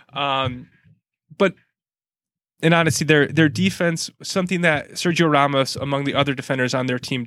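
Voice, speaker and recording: A man's voice: mid-range voice, fairly bright tone, no room sound, studio quality. A man hosting a casual soccer preview, easygoing and joking while breaking down teams. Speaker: sports podcast host.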